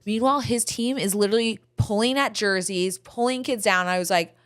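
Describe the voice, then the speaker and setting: Middle-aged woman host, animated, blunt, swears casually, chatty podcast storyteller. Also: mid-range voice, brisk, smooth.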